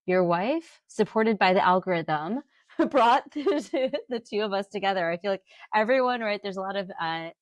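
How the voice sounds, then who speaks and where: A woman's voice: mid-range voice, lively intonation, moderate pace, no echo. A woman hosting a podcast interview, reading an introduction and then chatting with her guest in an easygoing way. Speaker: podcast host.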